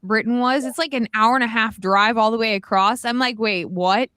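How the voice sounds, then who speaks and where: A woman from the American South hosts a casual podcast chat. She laughs a lot and trails off between phrases. Her voice sits a little high, and the sound is dry and close. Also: fairly even intonation, bright, forceful tone, smooth, no room sound. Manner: laughs often, drawn-out fillers. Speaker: podcast host.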